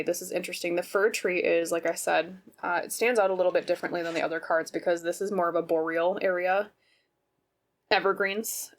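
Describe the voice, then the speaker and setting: Chatty Minnesotan woman reading tarot. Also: on the low side. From Minnesota, United States. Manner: chatty, rambling, often checks in with "okay?" and "right?". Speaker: tarot reader, channel host. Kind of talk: casual pick-a-card tarot reading.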